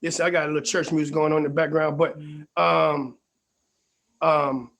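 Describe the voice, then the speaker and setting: High-voiced easygoing man hosting a show. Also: little pitch movement, normal speed, creaky, fairly bright tone. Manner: easygoing, folksy, repeats "man" and "y'all". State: a little under the weather. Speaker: show host. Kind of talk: casual live-stream podcast intro.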